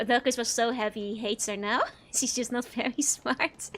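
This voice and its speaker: A woman's voice: a little high, fairly even intonation, a little slow, a bit bright. A woman streaming a game and chatting casually, giggling often as she comments. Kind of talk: casual let's-play commentary.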